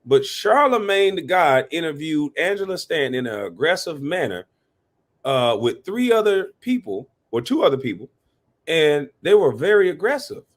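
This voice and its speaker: A man hosting a live reaction stream, talking animatedly, cursing and giving shout-outs to his chat. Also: a little high, big pitch swings, moderate pace. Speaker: livestream reaction host.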